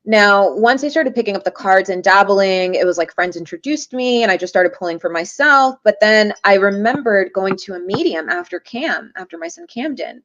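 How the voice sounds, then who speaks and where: A woman's voice: medium pitch, moderate pace, few pauses, no echo. A woman guest telling stories in an interview, acting out the voices of people she quotes. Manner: lively, acts out quoted voices. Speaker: guest, shaman and tarot reader. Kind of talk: interview storytelling. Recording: dull lo-fi audio.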